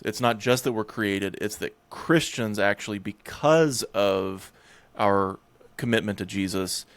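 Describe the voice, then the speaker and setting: A man with a low voice hosts a podcast conversation, recorded close with a dry, roomless sound. He thinks aloud as he talks, restarting phrases and hedging his points as he goes. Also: fairly bright tone, no echo. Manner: hesitant, restarts and hedges while thinking aloud. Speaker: podcast host. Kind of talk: conversational theological discussion.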